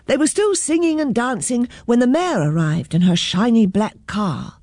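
A woman reading a children's story aloud in a gentle, expressive narrating voice. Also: a little high, normal speed, hardly any pauses, no echo, clean studio sound.

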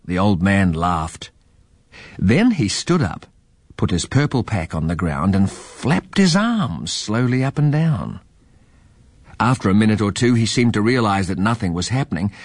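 A man reading a children's story aloud in a lively, expressive way. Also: on the low side, moderate pace, dry recording.

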